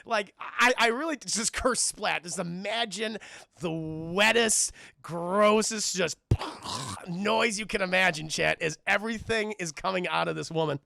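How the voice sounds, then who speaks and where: A high-pitched man with a heavily gravelly voice and a bright, forceful edge, excitedly swearing his way through a movie recap. He talks to his live chat directly. The sound is dry and close. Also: unhurried, no echo. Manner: excitable, profane, keeps addressing the chat. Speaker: film reviewer streaming to a chat.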